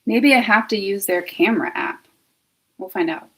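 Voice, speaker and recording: A woman's voice: mid-range voice, normal speed, breathy edge, low-quality recording. A woman hosting a casual livestream at home, talking to herself while she troubleshoots her equipment. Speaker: host of a comedy web series.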